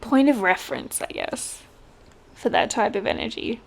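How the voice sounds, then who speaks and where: A woman giving a casual tarot reading, chatty and quick to laugh. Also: fairly high pitch, vocal fry. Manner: chatty, laughs often, mimics voices in quotes. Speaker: tarot reader.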